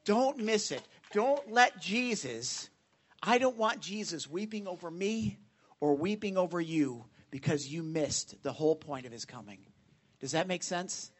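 A man's voice: high voice, animated, a little slow, slightly rough. Earnest, conversational male preacher. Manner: earnest, conversational, with frequent "right?" check-ins. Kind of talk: informal sermon. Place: church sanctuary.

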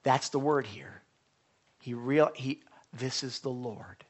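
A man's voice: medium pitch, takes it slowly. A man preaching a sermon to young listeners, earnest, with many restarts, sometimes dropping to a whisper for emphasis.

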